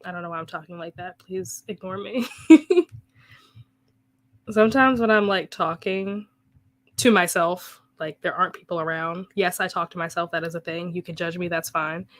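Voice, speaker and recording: A woman's voice: lowish voice, normal speed. A woman hosting a reading sprint stream, chatting casually with viewers, laughing often and joking at her own expense. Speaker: booktube host reading chat comments. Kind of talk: casual live-stream chat.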